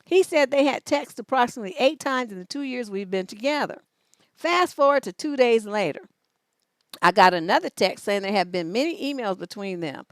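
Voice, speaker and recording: A woman's voice: fairly high pitch, animated, fairly quick, no room sound. Blunt, profane relationship coach woman. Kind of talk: livestream advice show, reading letters.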